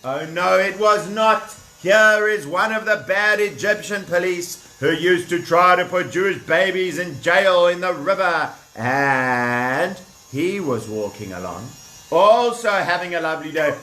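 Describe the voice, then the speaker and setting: A man's voice: sits high, expressive, a little slow, pushed and bright, roomy sound. A man telling a children's Bible story playfully, speaking directly to the kids.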